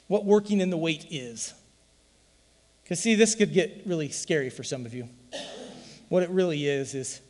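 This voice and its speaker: A man's voice: a little high, a little mellow, big-room sound. A man preaching a sermon in an emphatic, folksy way, full of rhetorical questions. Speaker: pastor.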